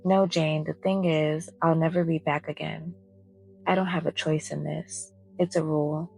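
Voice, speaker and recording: A woman reading the lines of a tender, sorrowful male imaginary friend in a soft-spoken bedtime story. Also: sits low, steady tone, normal speed, gravelly, soft background music, poor audio.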